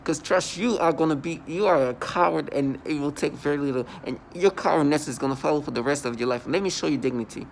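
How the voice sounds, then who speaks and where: A man's voice: fairly high pitch, brisk, vocal fry, hardly any pauses, a little hiss or hum. A man in an angry personal monologue to camera at home, defiant and scornful, often repeating and restarting his words. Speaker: vlogger. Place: at home indoors.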